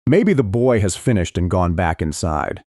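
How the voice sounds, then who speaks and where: Deep-voiced expressive male audiobook narrator. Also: moderate pace, dry recording, clean studio sound. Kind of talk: scripted first-person thriller narration.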